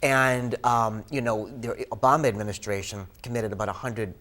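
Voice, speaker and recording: A man with a Boston accent talking casually as a guest filmmaker on a local cable show, animated and laughing easily. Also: lowish voice, moderate pace. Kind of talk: casual chat.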